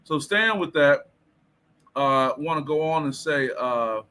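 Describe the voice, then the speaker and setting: Bright-voiced animated motivational speaker man. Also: on the high side, takes it slowly, smooth. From Detroit, USA. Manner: animated, preacher-like, reads viewer comments aloud. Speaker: host of a motivational livestream. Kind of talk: casual motivational talk.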